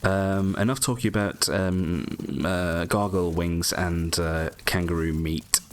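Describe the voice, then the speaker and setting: A man's voice: deep voice, steady tone, slow, slight background noise. A man giving casual, rambling gameplay commentary full of jokey asides.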